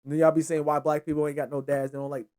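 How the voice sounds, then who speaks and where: A young man hosting a casual solo football recap, rambling and excitable, with frequent profanity. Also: a little high, racing. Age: young adult. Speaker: sports show host.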